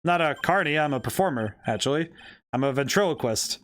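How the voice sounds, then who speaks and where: A man's voice: on the high side, lively intonation, fairly quick, fairly bright tone. A man reading a stammering nervous ventriloquist. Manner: hesitant, stammering. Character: nervous mumbling adult male ventriloquist. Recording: faint game music behind.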